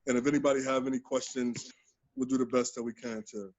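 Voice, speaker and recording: A man's voice: mid-range voice, fairly even intonation, fast, darkish tone, lo-fi sound. A man moderating a panel who hands over the floor in a hesitant way.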